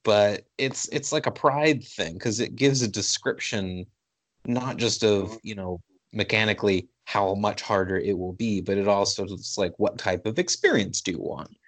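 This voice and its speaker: Low-voiced man with wry humor. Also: normal speed, no room sound. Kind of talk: casual gaming chat.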